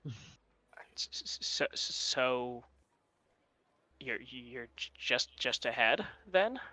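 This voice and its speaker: A man's voice: mid-range voice, expressive, very slow, bright, forceful tone. A man playing a tabletop game, wry and stammering. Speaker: player.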